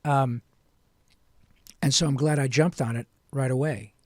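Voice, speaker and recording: A man, a voice actor, telling his story in an interview in an earnest, animated and frank way. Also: mid-range voice, measured pace, no echo, clean studio sound. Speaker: guest voice actor.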